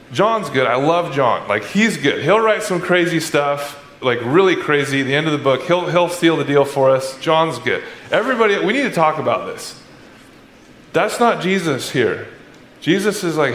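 A man preaching a sermon as pastor, animated, acting out the voices of his listeners. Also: fairly high pitch, normal speed. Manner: animated, acts out congregants' voices. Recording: echoey church hall, faint background noise.

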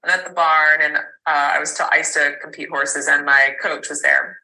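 Low-voiced woman telling a candid story. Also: fairly even intonation, normal speed, gravelly, bright, forceful tone, rough recording. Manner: rambling, full of fillers and restarts, candid with swearing. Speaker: podcast guest. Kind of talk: personal storytelling in conversation.

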